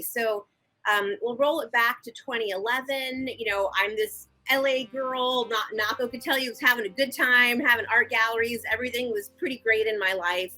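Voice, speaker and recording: A woman guest and victim advocate, telling her story in a frank, animated, conversational interview. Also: on the high side, rough recording.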